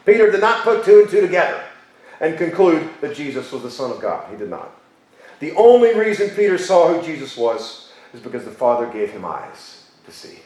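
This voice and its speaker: A man preaching a sermon as pastor, emphatic, repeating key phrases and slowing down for stress. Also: fairly high pitch, darkish tone. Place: church sanctuary. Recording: very echoey church hall.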